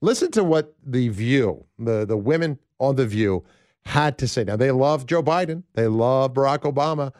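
A man's voice: mid-range voice, lively intonation, normal speed, darkish tone, no room sound, studio quality. A man hosting a political talk show, rambling and conversational with lots of fillers.

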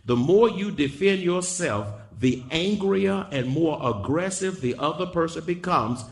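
A man's voice: on the high side, lively intonation, a little slow, gravelly. A male pastor preaching a sermon, repeating key lines and calling on the congregation to say them back. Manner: preaching with repetition and call-and-response.

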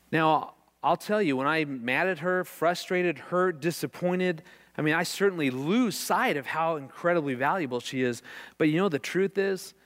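A middle-aged marriage speaker gives a faith-based teaching talk, telling stories earnestly and with animation, and repeating words when he gets excited. His voice is a little high.

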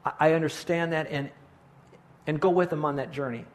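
Middle-aged pastor guy preaching, earnest, kinda high voice, keeps restarting sentences. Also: fairly even intonation, brisk. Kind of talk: sermon.

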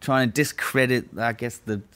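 A man's voice: medium pitch, normal speed, smooth. A man telling a prison story in casual chat, profane and laughing often. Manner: profane, laughs often, animated when recounting.

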